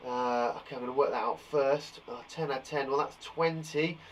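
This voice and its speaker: A man's voice: medium pitch, steady tone, normal speed, slight background noise. A young man teaching a live maths lesson for young children, encouraging and reassuring, thinking aloud as he counts up in tens.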